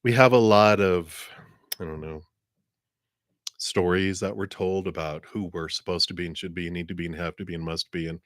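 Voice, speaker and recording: A man giving tarot readings on a livestream in an upbeat, chatty way, clearing his throat now and then. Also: sits low, fairly even intonation, moderate pace, no room sound, studio quality. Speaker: tarot reader.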